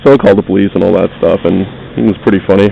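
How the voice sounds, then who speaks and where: A man's voice: sits low, fairly even intonation, very fast, vocal fry, lo-fi sound, slight background noise. A man in his car talking to the camera about his day. His storytelling rambles and swears freely, and he is self-deprecating about it. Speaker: vlogger. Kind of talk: casual storytelling monologue. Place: in a car while driving.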